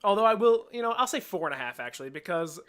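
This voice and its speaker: High-voiced young man, casual podcast chat. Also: lively intonation, fast, fairly bright tone, smooth. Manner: casual, swears freely, laughs often. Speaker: podcast co-host.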